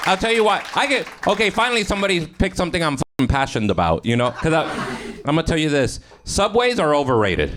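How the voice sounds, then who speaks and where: A man's voice: fairly high pitch, animated, fast. A man doing improvised stand-up on a comedy club stage, swearing a lot and laughing at his own jokes. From Mexican-American. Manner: profane, laughing, self-mocking banter with the crowd. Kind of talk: improvised stand-up from audience suggestions. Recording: live stage recording with noise.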